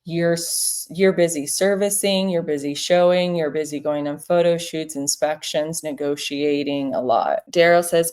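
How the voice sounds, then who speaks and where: A relaxed woman in her thirties chats on a livestream from her home office, her voice sitting low. She talks easily and acts out short phone calls in little voices as she goes. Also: moderate pace, hardly any pauses. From South Florida. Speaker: real estate broker hosting a livestream. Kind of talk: casual livestream advice chat.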